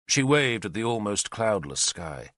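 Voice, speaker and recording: A man narrating an audiobook in an expressive storytelling manner. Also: on the low side, a little slow, no room sound, studio quality. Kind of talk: scripted narration.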